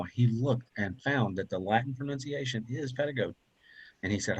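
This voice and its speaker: Guy teaching a speech class, kinda husky voice, chatty and repeats himself a lot. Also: mid-range voice, a little fast, low-quality recording. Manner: conversational, repeats points, asks okay and right. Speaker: college public speaking instructor. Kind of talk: casual classroom lecture.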